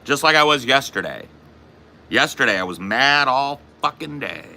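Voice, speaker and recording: Profane, bright-voiced man venting anger. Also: medium pitch, animated, normal speed. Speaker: podcast host. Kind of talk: casual ranting monologue.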